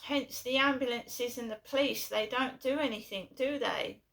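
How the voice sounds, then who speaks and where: A woman's voice: on the high side, normal speed, vocal fry, a bit bright. A middle-aged woman from England telling a long personal story in a rambling way, repeating herself with many fillers and restarts. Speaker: vlogger.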